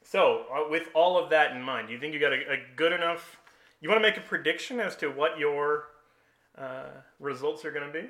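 A man with a very bright, sharp-edged voice, talking in a casual, explanatory way. He tells stories with lively energy and breaks into chuckles often. His pitch sits a little high for a man. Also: fairly quick. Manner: animated storyteller, chuckles often. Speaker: host explaining personality types.

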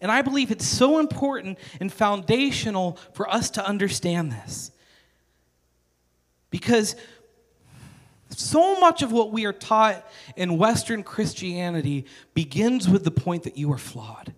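Earnest high-voiced male pastor preaching. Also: lively intonation, measured pace, long reverb tail. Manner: earnest, conversational preaching with emphatic repetition. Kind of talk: sermon.

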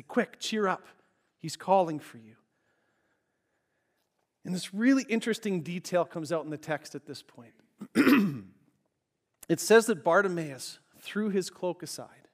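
High-voiced man preaching a sermon. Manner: animated storytelling, acting out voices of the crowd. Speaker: pastor.

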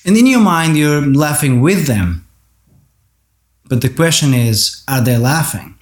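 A man with a voice pitched a little high delivers an earnest monologue on parenting. He speaks directly to parents in a steady, reflective way. The recording carries a noticeable room echo. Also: unhurried. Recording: roomy echo.

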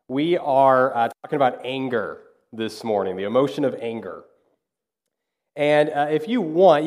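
A man in his thirties, a pastor giving a sermon in an animated, conversational storytelling way. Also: mid-range voice.

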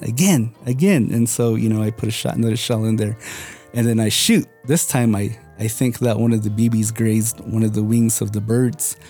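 A man's voice: medium pitch, dark tone. A young man telling a personal story casually, rambling with many fillers. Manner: rambling, many "you know" and "kind of" fillers.

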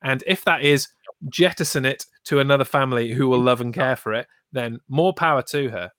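A man co-hosting a casual chat podcast, weighing things up in a measured, sweary way. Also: medium pitch, a bit bright, no room sound, studio quality. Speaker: podcast co-host.

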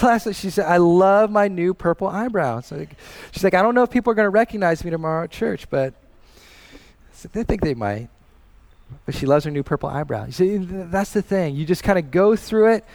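A man's voice: high-pitched, a little mellow. A man in his thirties preaching a sermon as pastor, earnest and personal, rising in emphasis as he tells a family story.

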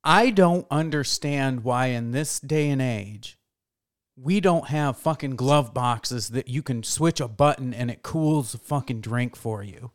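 A man's voice: medium pitch, a little slow. A man co-hosting a crude podcast, telling casual stories and laughing along. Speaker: podcast co-host.

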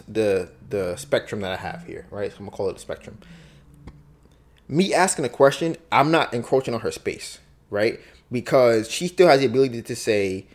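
Male podcast host, slightly low voice, casual solo monologue, reflective and repetitive. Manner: reflective, repeats himself, acts out both sides of arguments.

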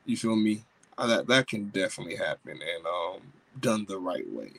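A man's voice: low-pitched, normal speed, gravelly, rough recording. A married man hosting a wrestling podcast, chatting casually in slang with lots of fillers and restarts. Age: adult, married. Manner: excitable, rambling with slang and many fillers. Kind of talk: casual wrestling review chat.

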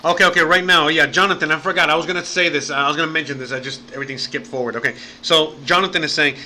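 Male livestream host, slightly high and very bright voice, loose and profane delivery. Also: very fast. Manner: rambling and profane, says bro and man often. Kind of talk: casual livestream chat.

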